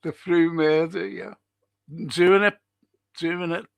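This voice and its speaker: Older host, gravelly and slow-spoken, dry close-miked sound, chatty live-stream banter with viewers. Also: male voice, sits high, fairly even intonation, no echo. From Liverpool, England. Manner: chatty, greets viewers and reacts to chat comments. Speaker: livestream host and historian. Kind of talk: casual livestream chat.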